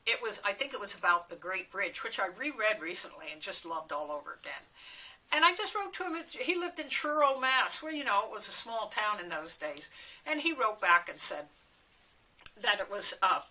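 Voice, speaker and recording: A woman's voice: mid-range voice, sing-song, normal speed, sharp tone, rough recording. An older woman being interviewed, telling chatty stories that wander from one memory to the next. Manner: chatty storyteller who wanders between anecdotes, with fillers and laughs. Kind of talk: oral history reminiscing.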